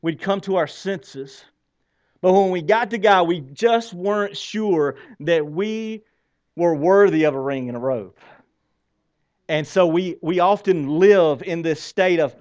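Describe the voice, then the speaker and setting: Pastor guy preaching, high voice, lots of questions at the crowd, kinda muffled recording. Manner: animated preaching with rhetorical questions and repeated words; reads scripture aloud with dramatic pauses. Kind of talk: sermon.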